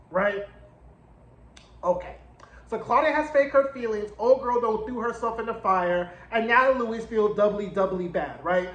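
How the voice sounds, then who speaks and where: A man's voice: sits high, a bit bright. Sassy, cussing man recapping a show, roomy sound. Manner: sassy, profane, blunt running commentary. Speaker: TV recap reviewer. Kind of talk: casual recap commentary. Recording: roomy echo.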